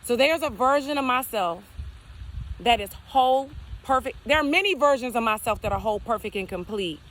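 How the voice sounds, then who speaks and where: Outdoors near geese and trees, a woman who creates spiritual content gives a casual talk, repeating affirmations and asking herself rhetorical what-if questions. Her voice is fairly high, animated, fairly quick, and fairly bright.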